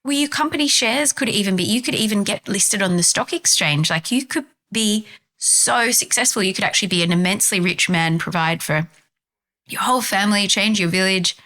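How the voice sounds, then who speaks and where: A woman voicing an eager, incredulous male American tourist who asks rapid, insistent questions. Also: medium pitch, bright, forceful tone, close to an everyday voice.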